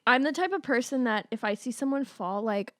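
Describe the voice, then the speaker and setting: High-voiced young woman podcast co-host. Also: animated, fairly quick, a bit bright, no echo, studio quality. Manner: laughs a lot, swears, acts out her own outbursts. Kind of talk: casual chat.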